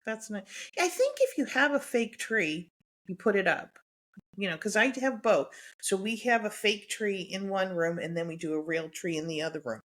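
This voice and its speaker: A woman's voice: medium pitch, lively intonation, normal speed, fairly bright tone. A middle-aged woman co-hosting a podcast in casual chat, rambling and laughing as she talks. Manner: chatty, rambling, many fillers and laughs. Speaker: podcast co-host.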